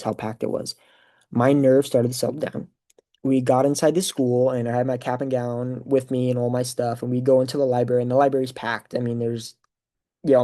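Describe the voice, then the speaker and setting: A young man hosting a podcast, telling a personal story in a casual, rambling way full of fillers. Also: mid-range voice. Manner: rambling, filler-heavy, animated retelling. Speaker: podcast host.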